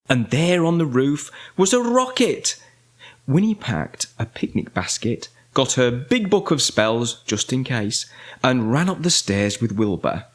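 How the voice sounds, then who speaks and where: Slow, animated storybook reader man. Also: medium pitch. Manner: animated, expressive reading. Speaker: parent reading a bedtime story. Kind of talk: storybook read-aloud.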